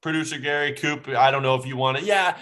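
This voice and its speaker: A young man hosting a casual chat podcast, quick and animated, leaning into quotes with put-on voices. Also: mid-range voice. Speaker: podcast host.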